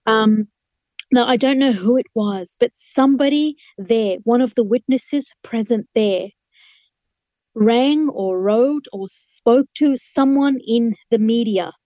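A woman's voice: on the high side, takes it slowly, warm tone, dry recording, lo-fi sound. A middle-aged woman, a lawyer and interview guest, vividly telling a personal testimony and acting out what people said. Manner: vivid storyteller who acts out dialogue. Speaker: guest, human rights lawyer.

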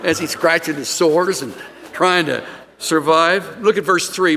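A middle-aged man preaching a sermon, telling stories with sudden jumps in pitch. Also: measured pace, pushed and bright, long reverb tail. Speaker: pastor.

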